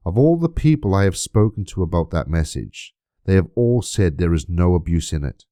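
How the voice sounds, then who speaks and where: A man's voice: sits low, mellow, dry recording, studio quality. A man delivering an indignant, emphatic monologue to camera, full of rhetorical questions. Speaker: YouTube creator.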